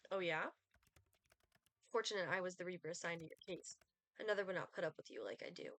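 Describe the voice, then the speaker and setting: A woman's voice: fairly low pitch, fast talker, a bit bright, no room sound. Sardonic male reaper read by a woman, dry condescending delivery, game dialogue, dead dry close mic. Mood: haughty. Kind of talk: reading game dialogue aloud.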